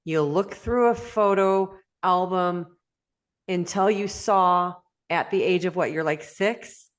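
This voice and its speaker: A woman hosting an interview, talking slowly and affirming her guest. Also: fairly low pitch. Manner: slow, warm-hearted, affirming. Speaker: interview host.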